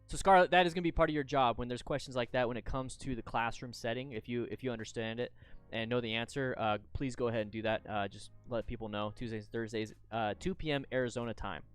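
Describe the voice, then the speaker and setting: A man hosting a live stream, chatting casually as he reviews motorcycle crash videos and sometimes bursts into loud, excited shouts. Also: mid-range voice, quick pace, smooth, faint music behind.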